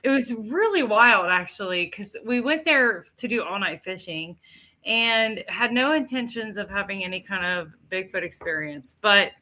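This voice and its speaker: Telling a story on the podcast she co-hosts, this middle-aged woman is loose and lively, frequently laughing and performing other people's words. She speaks in a mid-range voice at a normal speed.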